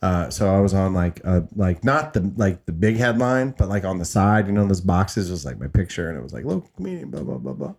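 A man's voice: deep voice, a little fast, few pauses, darkish tone. A man, a stand-up comedian, telling rambling stories with frequent swearing and restarts in a casual chat.

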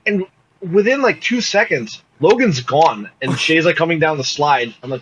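A man co-hosting a podcast, talking in an excitable, profane way during casual chat. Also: a little high, normal speed. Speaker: podcast co-host. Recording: slightly dull audio, faint noise.

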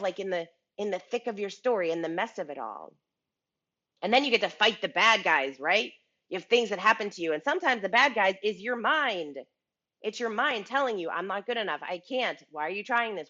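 A woman with a medium-pitched, slightly bright voice gives a casual motivational talk on a business show, captured in dull audio. She's chatty, often restarts and repeats words, and checks in with the listener by asking "right?".

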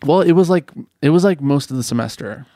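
Male guest, californian, gravelly fry, casual animated storytelling, dry close sound. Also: a little high, a little fast, dry recording. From California, USA. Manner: animated storyteller, frequent restarts and "like". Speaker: podcast guest.

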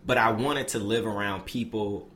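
A young man from Memphis in casual conversation, talking in a relaxed, thoughtful way with lots of fillers. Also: fairly low pitch, moderate pace, slight background noise. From Memphis, USA.

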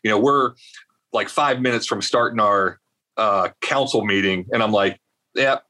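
A man's voice: fairly low pitch, moderate pace. A man from South Carolina, a guest in an interview, telling a long story with lots of fillers and asides. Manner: rambling, animated storyteller with many fillers. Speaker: veterans advocate guest.

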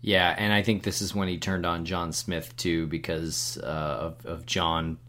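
A man co-hosting a podcast who speaks in a measured, calm way. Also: deep voice. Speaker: podcast co-host. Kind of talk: casual discussion.

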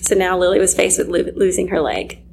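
A woman's voice: on the low side, brisk, vocal fry, rough recording. Woman, thirties, earnest personal testimony, drops to near whispers, faint background hiss. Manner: earnest, emotional, quiet moments near a whisper. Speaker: mother telling her story.

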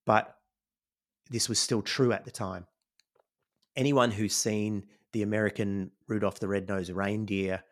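A middle-aged man with an Australian accent recounts his past at an easy, conversational pace. His voice sits low and he wanders through his story with plenty of "you know"s, reflecting as he goes. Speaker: podcast guest.

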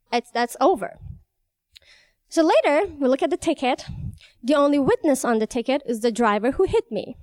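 A woman's voice: on the high side, smooth, dry recording. A young woman tells a personal story, candid and wry, often laughing between lines. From Iran. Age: young adult.

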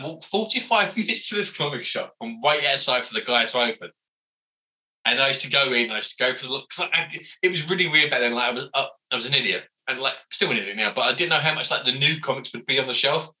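A man, a comic book writer telling animated, self-mocking stories as an interview guest, full of fillers. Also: mid-range voice, fast talker, rough recording. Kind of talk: casual interview storytelling.

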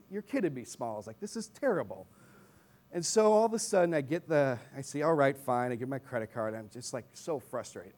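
A young man preaching to his congregation in a relaxed, conversational way. He tells stories with lively asides and questions to the room. His voice sits in an ordinary middle pitch. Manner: animated storytelling with asides to the congregation. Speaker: pastor. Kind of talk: sermon. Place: church in Chicago.

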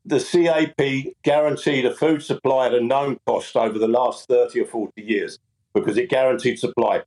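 A man's voice: mid-range voice, fairly even intonation, normal speed, darkish tone, poor audio. A man, a fruit farmer, speaking earnestly and emphatically in a television interview.

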